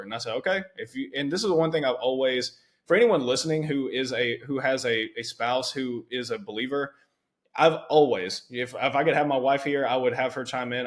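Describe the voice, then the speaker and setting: A young man hosting a podcast, telling stories in an animated, chatty way with many asides. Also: mid-range voice. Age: young adult. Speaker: podcast host. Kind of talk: conversational interview.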